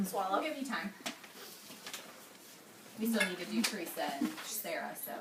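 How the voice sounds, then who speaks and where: A woman's voice: mid-range voice, lively intonation, measured pace. A woman leading a product tasting meeting, talking casually with many ums in a friendly way. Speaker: meeting leader. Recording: echoey, distant, noisy room.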